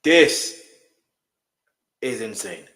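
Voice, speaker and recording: A man's voice: medium pitch, big pitch swings, drawn-out words, a bit bright. A man hosting a reaction video, commenting emphatically and repeating his points to viewers. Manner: emphatic, repeats himself, speaks straight to viewers. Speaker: reaction host. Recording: roomy echo.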